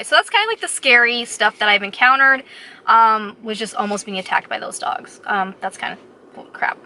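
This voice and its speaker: Bright animated woman vlogger. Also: fairly high pitch. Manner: animated, retells scenes with quoted voices. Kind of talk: casual storytelling to camera.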